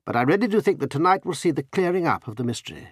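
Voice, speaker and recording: A man's voice: fairly high pitch, big pitch swings, very fast, dry recording, clean studio sound, voice pushed up. A man reading an audiobook, voicing a confident, cool-headed English adventurer with an assured delivery. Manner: cool, assured, sometimes soothing.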